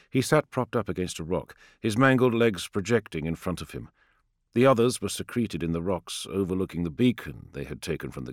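A man narrating an audiobook in a measured, grave storytelling manner, recorded on a close studio microphone. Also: low-pitched, no echo. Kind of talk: scripted dramatic narration.

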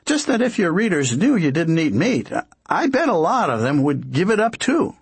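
A man's voice: a little high, sing-song, normal speed, breathy edge, no echo, voice pushed up, heavily acted. A man playing an eager, insistent young man who presses his point.

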